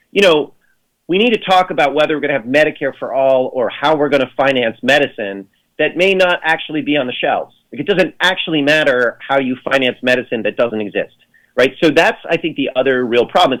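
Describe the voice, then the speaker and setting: A man's voice: medium pitch, a bit bright, rough recording. A man speaking as a radio guest in a casual, rambling way, full of fillers and restarts, with sardonic jokes. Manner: sardonic jokes in mock voices. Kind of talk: casual radio interview chat.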